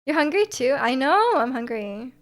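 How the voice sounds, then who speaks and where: High and sing-song, a young woman's voice carries at a moderate pace during her stream. She chats loosely with viewers and reads out their comments, rambling with frequent ums and restarts in a slightly sore voice.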